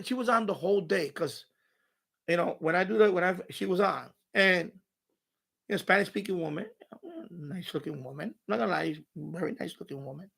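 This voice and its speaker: A man's voice: sits high, gravelly, sharp tone. A man hosting a home live stream from his radio room, rambling and ranting with profanity and mocking asides.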